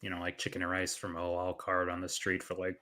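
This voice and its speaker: A man's voice: deep voice, monotone, fast talker, sharp tone. A man, a podcast co-host chatting casually and dropping dry, sardonic quips. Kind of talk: casual chat.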